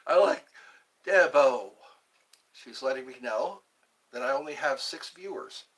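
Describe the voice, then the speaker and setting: A man's voice: medium pitch, lively intonation, measured pace, a bit bright, faint music behind. A man hosting a casual livestream, chatting playfully and reading out his viewers' comments. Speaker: livestream host. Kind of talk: casual live chat.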